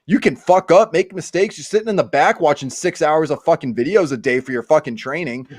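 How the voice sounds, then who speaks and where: A man rambles through a casual podcast chat, swearing freely and getting excitable. His voice sits somewhat high for a man. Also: fairly quick. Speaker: podcast host and author.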